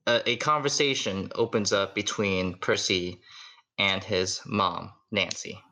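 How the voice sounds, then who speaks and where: A man's voice: lowish voice, steady tone, a little slow, pushed and bright. A man narrating a tabletop role-playing game as its game master, loose and casual with lots of fillers.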